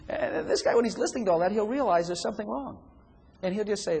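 A man's voice: high voice, lively intonation, fast talker, gravelly, darkish tone, husky. A man preaching a sermon who acts out inner voices and chuckles often. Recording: long hall reverb, faint room noise.

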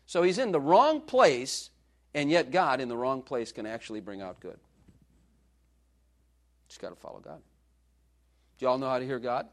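A man's voice: mid-range voice, lively intonation, normal speed, pauses often. A male preacher giving a sermon in a joking, conversational way, laughing often.

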